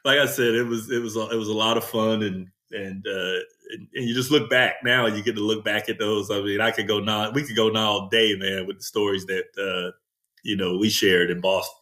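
A man's voice: fairly low pitch, brisk. A man, a former ballplayer, telling stories in a casual podcast chat, laughing often as he talks. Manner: animated storyteller, laughs often, says "man" a lot.

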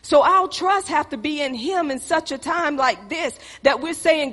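Woman preacher, passionate sermon delivery, loud to hushed, bright tone, reverberant hall. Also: sits high, lively intonation, unhurried, hardly any pauses. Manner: passionate, swinging between loud exhortation and hushed intensity.

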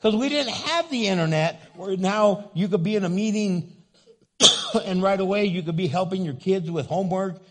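A man's voice: high voice, normal speed. An older man preaching a humorous sermon, often acting out voices. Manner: animated, humorous, acts out voices in quotes. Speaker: pastor.

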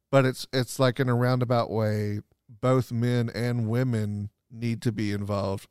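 A man's voice: lowish voice, smooth, no echo, clean studio sound. A man co-hosting a podcast, arguing a reading of a film and checking whether he makes sense. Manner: probing, restarts, asks questions. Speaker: podcast co-host. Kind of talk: casual movie discussion.

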